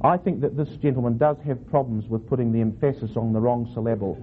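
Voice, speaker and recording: Man teaching scripture over a tinny line. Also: medium pitch. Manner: reads verses aloud slowly, then asks the class questions. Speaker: Bible teacher. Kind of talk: teaching scripture reading with varied emphasis. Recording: tinny phone-like recording with faint noise.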